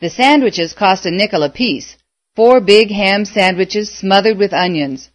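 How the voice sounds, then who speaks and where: A woman narrating a story aloud in a measured, expressive way. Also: medium pitch, dry recording. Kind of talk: audiobook narration.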